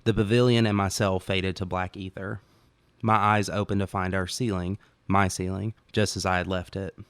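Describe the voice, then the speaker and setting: Male author-narrator, low and resonant, calm first-person audiobook read, dry studio sound. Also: moderate pace, clean tone, no echo. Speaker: author reading own story.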